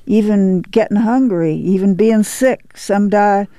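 A woman doing a calm, soothing farm mother. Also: mid-range voice, a little slow, no echo, voice pushed up, natural voice. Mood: steady, soothing. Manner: calm, soothing rural speech. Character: weary, steady farm mother. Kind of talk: audiobook reading.

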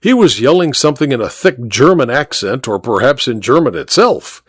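A man's voice: mid-range voice, very animated, normal speed, husky, no room sound. A man reading a first-person period story aloud in a dry, wry storytelling manner. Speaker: audiobook narrator. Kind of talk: scripted first-person narration.

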